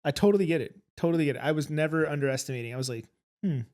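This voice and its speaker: A man's voice: a little high, rapid-fire, a little mellow. A man as a rapper guest in a casual podcast chat, rambling through stories and acting out other people's voices. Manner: rambling storyteller, acts out quoted voices.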